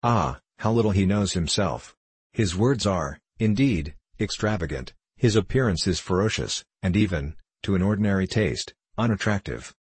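A young male anarchist orator, declaiming in a low, penetrating voice that runs very deep, as an audiobook narrator puts him on. His tone is husky and dry, close to the mic, and he builds his case in rhetorical, impassioned periods. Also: expressive, moderate pace, no room sound. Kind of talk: audiobook character voice.

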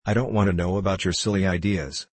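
A man's voice: sits low, steady tone, fast talker, breathy edge, no echo. A man reading a storybook aloud, voicing an earnest, devoted older girl. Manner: earnest, pleading. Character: eager devoted elder girl, quick to disdain.

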